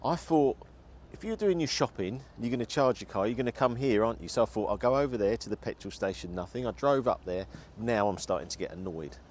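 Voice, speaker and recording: A man's voice: mid-range voice, lively intonation, fairly quick, few pauses, a little mellow, a little hiss or hum. A man venting his frustration while driving, talking and muttering to himself in a car vlog. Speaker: car vlogger.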